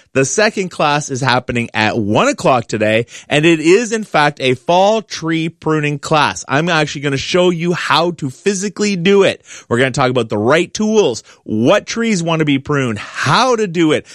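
A man's voice: fairly high pitch, fairly bright tone, no echo, clean studio sound. A man hosting a call-in gardening radio show, talking in an upbeat, chatty, promotional way.

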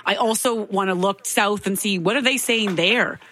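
A woman's voice: medium pitch, moderate pace, pushed and bright, a little hiss or hum. A woman from Canada speaking as a panelist, reasoned and conversational. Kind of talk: casual political panel talk.

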